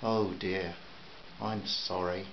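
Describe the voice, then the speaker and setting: A man voicing a shy, kind young father who speaks softly and apologetically. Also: low-pitched, steady tone, takes it slowly, lo-fi sound, a little hiss or hum. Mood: defensive. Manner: soft, apologetic.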